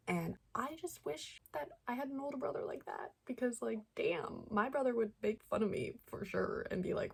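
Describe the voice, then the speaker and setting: Gravelly-voiced young woman chatting about books. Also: fairly low pitch, moderate pace, few pauses, a little mellow. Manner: chatty, heavy use of "like", reacts with feeling. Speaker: book vlogger. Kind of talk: casual book review chat.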